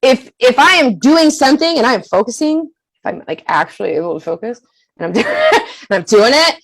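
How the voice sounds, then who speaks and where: A high-pitched woman whose voice swings widely up and down as she talks. She speaks candidly as a podcast guest, animated and emphatic, swearing freely and laughing often. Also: moderate pace, low-quality recording.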